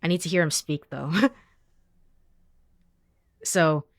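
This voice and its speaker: A woman's voice: deep voice, steady tone, quick pace, creaky, dry recording, clean studio sound. A woman streamer giving casual gaming commentary, laughing often and stammering as she reacts. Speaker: let's play streamer.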